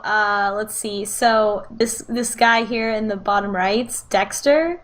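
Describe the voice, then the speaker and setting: A fairly high-voiced woman narrates as game master of a tabletop role-playing game over voice chat. She talks haltingly, repeating words and laughing often.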